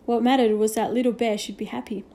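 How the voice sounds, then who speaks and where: Mellow woman reading a storybook. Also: fairly high pitch, fairly even intonation, quick pace. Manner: gentle storytelling with hushed asides. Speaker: reader. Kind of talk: reading a children's novel aloud.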